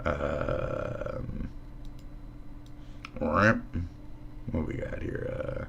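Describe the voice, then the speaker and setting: A man's voice: a bass voice, very slow, creaky, fairly bright tone, lo-fi sound, slight background noise. A man live streaming as he shows off an editing program, rambling and swearing in a sarcastic, mocking way, often trailing off into mutters. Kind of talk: casual profane streaming chat.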